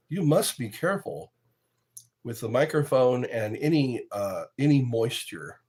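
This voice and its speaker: A man streaming live from his home setup, talking slowly with a lively, swooping pitch. He rambles from joke to joke, reads out viewer comments and laughs at his own lines. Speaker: livestreamer. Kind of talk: casual chat with live viewers.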